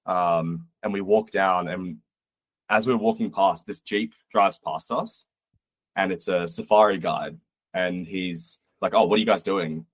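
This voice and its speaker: A young Australian man, guesting on a podcast, tells travel stories in a casual, animated way, acting out quotes and swearing as he goes. His low-pitched voice is unhurried, and the recording is dry.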